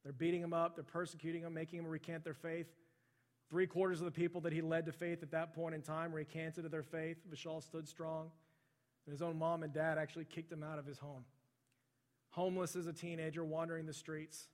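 Pastor telling a story in a ringing church. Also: male voice, fairly high pitch, flat delivery, brisk, big-room sound. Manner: conversational, relives stories by voicing the people in them. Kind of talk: sermon storytelling.

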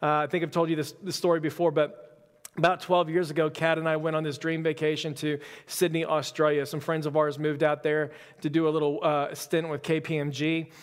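A man's voice: fairly high pitch, flat delivery, fairly quick, smooth. A man preaching a casual sermon, telling stories with easy, self-deprecating humor. His slightly raised voice rings out through a hall with a long reverb tail. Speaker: pastor. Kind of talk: conversational sermon.

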